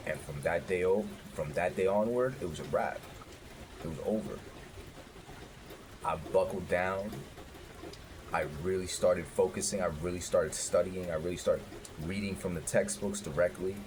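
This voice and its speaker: A man in his thirties telling his life story in a candid, profane, animated way. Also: low voice, normal speed, long pauses, background noise. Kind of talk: casual storytelling.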